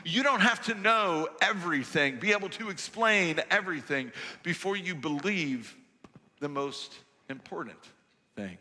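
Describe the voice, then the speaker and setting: A male pastor preaching a sermon in a church sanctuary, measured and emphatic with rhetorical questions. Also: fairly high pitch, expressive, pushed and bright, big-room sound.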